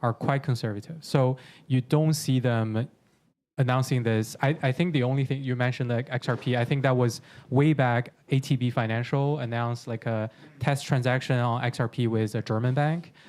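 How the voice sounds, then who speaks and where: A man speaking as a panelist, explaining things in a measured way with some loose phrasing. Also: mid-range voice, steady tone, darkish tone. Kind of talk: casual panel discussion. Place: conference room panel.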